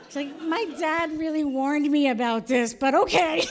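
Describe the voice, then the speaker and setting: A woman's voice: high-pitched, measured pace, crowd noise. A woman performing a stand-up comedy set, telling a story and acting out the voices of her family. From Canada. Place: live show venue with audience.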